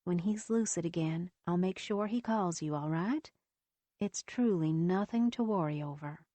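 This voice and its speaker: A woman voicing a kind female nurse who speaks gently, steadily and reassuringly. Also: on the low side, normal speed, no echo, natural voice.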